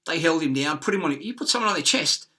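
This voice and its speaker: A man's voice: a little high, animated, fast, sharp tone. A man with an Australian accent ranting in an agitated, profane, rambling monologue.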